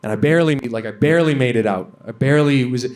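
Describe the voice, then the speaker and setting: A man's voice: medium pitch, quick pace, darkish tone. A young man from Canada doing a stand-up comedy set on stage, ranting profanely with lots of fillers. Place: comedy venue stage before a live audience.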